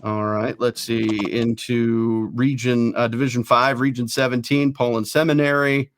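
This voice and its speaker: A male sports show host, reading down lists of rankings at a brisk clip. His voice sits at a middling pitch and is recorded dry and close, with no room sound. He throws in quick self-deprecating asides between entries. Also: flat delivery, dry recording. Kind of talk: casual sports talk show.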